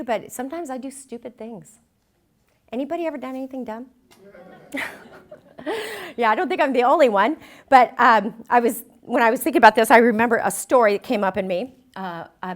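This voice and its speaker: A woman giving a sermon, telling a personal story in an animated, self-mocking way. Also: on the high side. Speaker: speaker.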